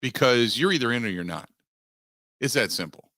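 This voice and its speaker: A man hosting a sports talk radio show, giving opinionated takes in an emphatic way that climbs in pitch as he gets worked up. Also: lively intonation, moderate pace, sharp tone, no echo, studio quality. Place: radio studio. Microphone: studio microphone.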